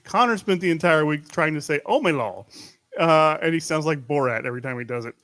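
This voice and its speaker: Man from louisiana, kinda high voice, tells long rambly stories and laughs a lot, dry room. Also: fast, a bit bright, clean tone, no room sound. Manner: rambling storyteller, laughs often. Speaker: podcast host. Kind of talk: casual chat.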